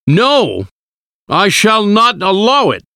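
A man reading an audiobook, voicing a frantic, anguished young husband who shouts and pleads in a raised voice. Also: sits high, wildly swooping pitch, takes it slowly, no echo, studio quality, voice pushed up, exaggerated voice. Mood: outraged. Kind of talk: audiobook character voice.

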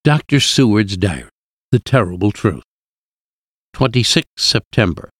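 A man reading an audiobook aloud in a calm, even storytelling way. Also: lowish voice, measured pace, dry recording, clean studio sound. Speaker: narrator.

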